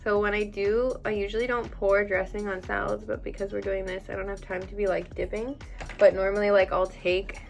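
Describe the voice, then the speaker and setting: Young woman, casual vlog chat, gravelly vocal fry, blunt and chatty, faint music behind. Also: mid-range voice. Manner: chatty, blunt and animated, with many "um" and "like" fillers. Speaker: beauty vlogger answering viewer questions.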